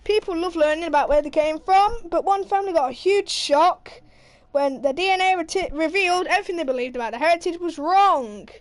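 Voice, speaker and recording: A young woman streamer reading out a news story while gaming, animated and sweary, laughing as she goes. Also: very high-pitched, fairly quick, no room sound. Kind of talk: casual commentary while gaming.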